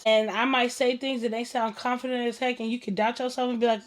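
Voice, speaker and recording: Woman host, casual slangy talk, slightly high voice, animated storytelling w/ lots of laughs. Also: brisk, few pauses. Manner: animated storytelling, acts out quoted dialogue, laughs often; slangy and informal. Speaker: podcast host. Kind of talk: casual chat.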